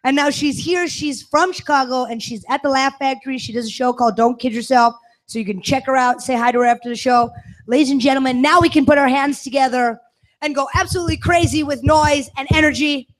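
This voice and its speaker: A woman's voice: sits high, fairly quick, poor audio. A woman hosting a comedy show in a bar, introducing the next comic and rousing the crowd. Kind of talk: emcee introduction. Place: bar stage.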